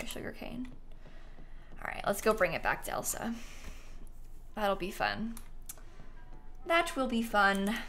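A woman's voice: mid-range voice, fairly bright tone. A young woman streaming a video game live, chatting casually and reading quest text aloud. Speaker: gaming streamer.

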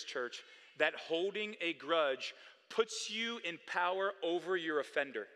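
Male pastor, sermon delivery, bright forceful tone, swings from hushed to emphatic. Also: a little high. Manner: preaching with swings between quiet, slowed passages and loud, emphatic ones. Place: church sanctuary. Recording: long hall reverb.

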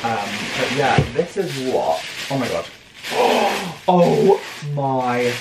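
A young man with a British accent, excitedly unboxing a clothing haul and exclaiming, gasping and laughing often. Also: medium pitch, extremely slow. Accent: British English. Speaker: fashion vlogger. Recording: echoey room with clear background noise.

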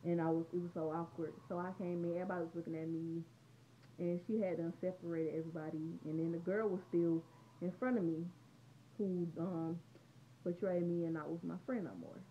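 A woman's voice: lowish voice, steady tone, a little fast, a little hiss or hum. A teenage girl rambling through a casual storytime vlog at home, chatty and conversational. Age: teens. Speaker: vlogger. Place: room at home. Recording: dull lo-fi home recording.

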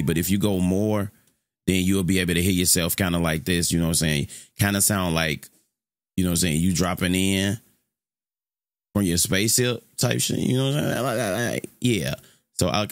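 A man's voice: deep voice, a bit bright, dry recording. A young man casually walking through his mic settings, slangy and laid-back, often saying "you know what I'm saying". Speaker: streamer explaining mic settings. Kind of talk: casual tutorial. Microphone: studio dynamic mic, close.

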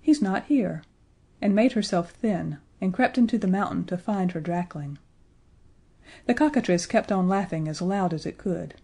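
A woman narrating a children's audiobook in a gentle, expressive way. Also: lowish voice.

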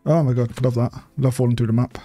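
A man's voice: mid-range voice, fairly even intonation, fast, mellow, no echo, faint music behind. A young man, chatting and swearing casually while streaming a bike game. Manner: chatty, swears freely, laughs often. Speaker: gaming streamer. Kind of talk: casual live-stream commentary.

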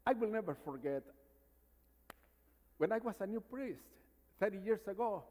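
A priest in his fifties from Mexico with a Mexican Spanish accent, preaching a sermon with stories and calls for amens, sometimes dropping to a hushed voice. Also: high-pitched, expressive, moderate pace. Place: large church. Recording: church reverb.

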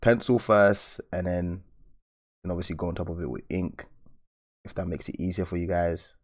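A young man chats loosely with viewers while he draws, full of slang and easy laughs. His voice sits very low, and he talks the way a host does on a relaxed live stream. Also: normal speed. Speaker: art channel host. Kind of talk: casual live-stream chat while drawing.

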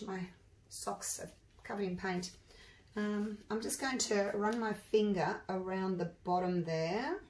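An acrylic pour artist gives a casual demonstration while she works, chatting and thinking aloud with sudden excited exclamations. Her mid-range voice is husky from allergies.

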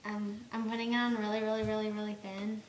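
A teenage girl chatting casually with flat, matter-of-fact remarks in a home video. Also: mid-range voice, fast talker. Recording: echoey room heard from afar with noise.

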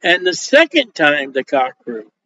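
A man preaching a sermon in a joking, animated way. He acts out quoted dialogue as he goes. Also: on the high side, a little slow. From Polish Roman Catholic upbringing. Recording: dull lo-fi sound.

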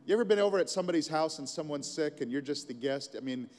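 A man's voice: on the high side, animated, quick pace, darkish tone, in a large hall, faint music behind. A middle-aged man preaching a sermon as a pastor, telling the story in a casual, conversational way with asides.

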